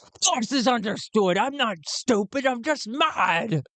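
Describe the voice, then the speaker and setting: A man voicing a wild-tempered male pirate boss who shouts in a high voice. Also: lively intonation, slow, no echo. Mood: ranting. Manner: loud and shouting, high-pitched.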